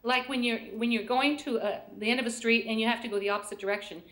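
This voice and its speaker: Brief: middle-aged American woman, bright-ish voice, chatty storyteller, echoey room. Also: on the high side, fairly even intonation, fast talker. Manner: chatty, storytelling, laughs often. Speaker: guest, intuition teacher. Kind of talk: casual chat on a call-in show.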